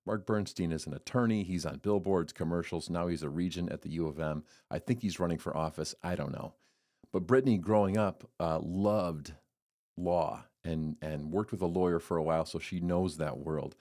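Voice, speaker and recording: A man hosting a devotional podcast, talking in an earnest, storytelling way with lively swings. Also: low-pitched, normal speed. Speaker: podcast host giving a devotional. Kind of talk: casual devotional talk.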